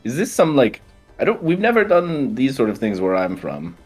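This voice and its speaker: A man's voice: medium pitch, wildly swooping pitch, normal speed, darkish tone, soft background music. A man playing in a tabletop game, playful and joking. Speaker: player.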